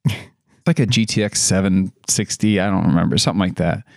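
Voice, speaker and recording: A man's voice: low-pitched, brisk, gravelly, no room sound, studio quality. A man hosting a casual podcast chat, rambling with fillers and frequent laughs. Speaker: podcast host.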